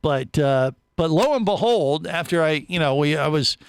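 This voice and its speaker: A man's voice: on the high side, moderate pace, clean tone, dry recording. A man hosting a casual radio talk show from a studio, telling a long story with lots of restarts and asides. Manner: animated storyteller, many restarts.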